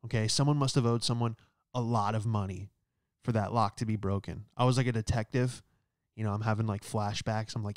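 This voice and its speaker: Sarcastic comedian guy ranting, clear smooth voice, totally dry no room. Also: fairly low pitch, steady tone, fairly quick, dry recording. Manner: sarcastic, rambling, says "all right?" often. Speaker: comedian host. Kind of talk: stand-up comedy monologue.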